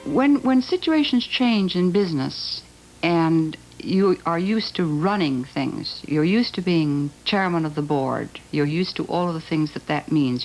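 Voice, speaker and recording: A woman's voice: fairly low pitch, a little hiss or hum, poor audio. A woman speaking thoughtfully in a television documentary interview, building her point through repeated phrases.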